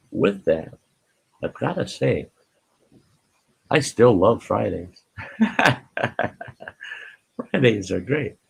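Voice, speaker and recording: Low-pitched and husky with vocal fry, this older man runs a laid-back live stream. He sounds folksy, with an Upper Midwest American accent, welcoming viewers from the chat by name and frequently breaking into laughter.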